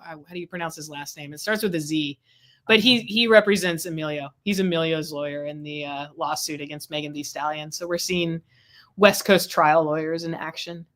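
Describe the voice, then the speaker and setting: A woman's voice: low voice, steady tone, moderate pace, a bit bright. A woman hosting a casual talk about a court trial, chatty and rambling with frequent restarts, speaking over a video call. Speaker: legal affairs host.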